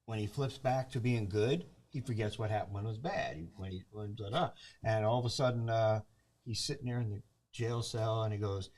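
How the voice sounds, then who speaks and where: Male movie reviewer, casual talk-show chat, animated storyteller who acts out the quotes. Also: lowish voice, a little fast. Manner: animated storyteller acting out characters' lines.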